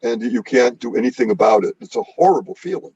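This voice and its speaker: A man interviewing a guest in a conversational, halting way with many fillers. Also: mid-range voice, lively intonation, gravelly, mellow, breathy edge, lo-fi sound. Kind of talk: casual interview talk.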